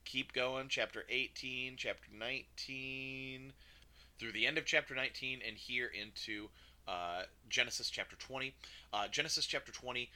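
A man leads a relaxed Bible study, talking to his listeners as if chatting. His voice is very bright and forward, at an ordinary middle pitch, and he keeps stopping to restart or correct himself. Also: moderate pace. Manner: conversational, chatty, with fillers and self-corrections. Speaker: Bible teacher. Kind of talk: casual recorded Bible lesson.

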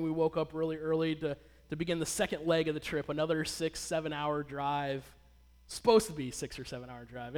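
High-voiced man telling a story in a hall. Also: smooth. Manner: conversational, asks the audience questions. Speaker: speaker addressing an audience. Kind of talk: personal story told to an audience. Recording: long hall reverb.

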